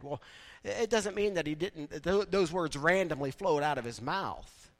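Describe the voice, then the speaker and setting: A man preaching a sermon in a conversational way, building now and then to loud, emphatic peaks. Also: sits high, moderate pace. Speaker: pastor.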